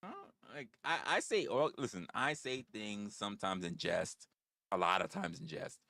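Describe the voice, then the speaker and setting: A man with a lowish voice talks straight to his livestream viewers, blunt and profane. He keeps restarting phrases in stammering bursts, and his pitch swings widely as he goes. The sound is dry and close. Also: very animated, normal speed, creaky, sharp tone, no room sound. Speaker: livestream host. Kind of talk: casual chat with viewers.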